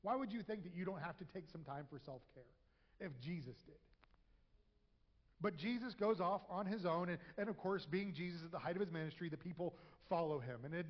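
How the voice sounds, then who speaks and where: High-voiced man preaching in an echoey church. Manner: conversational, acts out quoted voices with humor. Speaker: pastor. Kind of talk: sermon. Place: church sanctuary. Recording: echoey hall, dull lo-fi sound.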